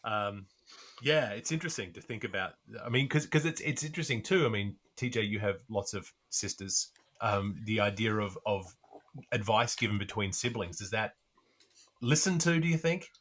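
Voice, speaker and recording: A man co-hosting a podcast, talking through a book in a thoughtful, halting way with plenty of pauses. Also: fairly low pitch, a bit bright. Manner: thoughtful, halting, many fillers. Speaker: podcast co-host. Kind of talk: casual literary discussion.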